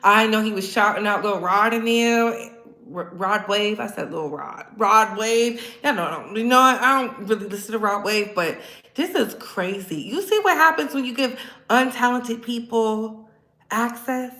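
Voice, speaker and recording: A woman's voice: fairly high pitch, unhurried, pushed and bright, reverberant. A woman hosting a pop culture commentary show, reacting with sass and emphatic remarks. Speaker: commentary host.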